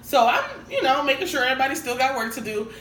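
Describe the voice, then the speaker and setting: A woman co-hosting a podcast, telling a work story in relaxed casual chat. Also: high-pitched, fast talker. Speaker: podcast co-host. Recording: roomy echo, faint noise.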